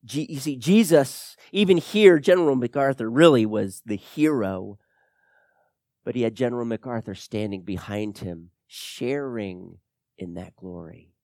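A man preaching a sermon to his church, dropping to a hush and then building to loud, emphatic points. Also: mid-range voice, unhurried, dry recording, studio quality. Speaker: pastor.

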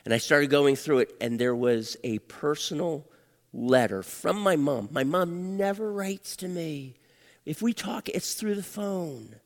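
Older male pastor, very animated preaching. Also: fairly high pitch, unhurried, gravelly. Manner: emotional, dramatic swings from hushed to loud. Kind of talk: sermon with storytelling. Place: church. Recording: long hall reverb.

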